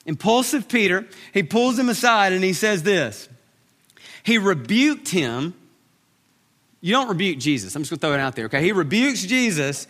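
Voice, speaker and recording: A man preaching a sermon as pastor, animated, acting out the lines he quotes. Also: high-pitched. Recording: reverberant hall.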